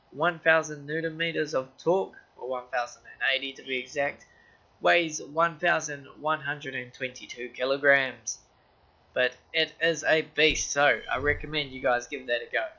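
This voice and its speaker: Bright-voiced casual gaming guy. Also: a little high, dull audio. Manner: loose, rambling car-enthusiast talk with slang. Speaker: gaming channel host. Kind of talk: casual game walkthrough.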